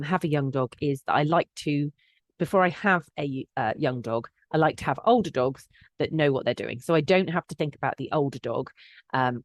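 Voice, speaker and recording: A woman's voice: rumbling low, no room sound. A woman with a chatty teaching manner, hosting a dog-training podcast and giving advice with plenty of fillers and restarts. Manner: chatty, with frequent fillers and restarts, lively when acting out quotes. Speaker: collie behaviour specialist and podcast host. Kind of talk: casual instructional podcast talk.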